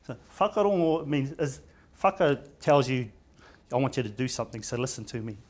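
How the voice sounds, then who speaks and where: A man's voice: mid-range voice, lively intonation, brisk. A middle-aged man with a New Zealand accent, a general practitioner giving an informal seminar talk, chatty and full of stammers and restarts, dropping in Māori words. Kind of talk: informal conference presentation.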